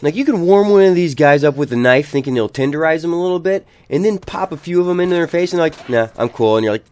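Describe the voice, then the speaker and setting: A man's voice: a little high, quick pace. A man giving a comedic, profane game review voice-over. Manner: profane, animated.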